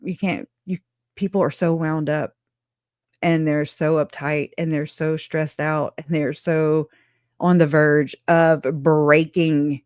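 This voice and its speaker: A woman hosting a true crime livestream talks in a loose, animated way. She is sarcastic, laughs a lot, and swears without holding back. Her voice sits close and dry, with no room sound around it. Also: deep voice, slow pace, smooth, no room sound. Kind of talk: casual livestream commentary.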